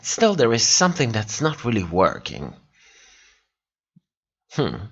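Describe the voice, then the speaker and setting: A man's voice: medium pitch, wildly swooping pitch, slow, a bit bright, breathy edge, lo-fi sound. Tired man chatting on a livestream. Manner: chatty, laughs often, reacts to viewers. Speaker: livestream host. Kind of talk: casual chat reading live comments.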